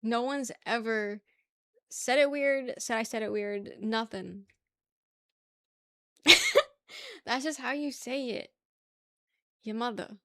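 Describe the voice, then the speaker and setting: A woman's voice: fairly high pitch, sing-song, slow, pauses often, fairly bright tone, dry recording. Chatty New woman streamer, dry sound. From New York. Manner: chatty, laughs a lot, argues playfully with chat. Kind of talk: casual live-stream chat.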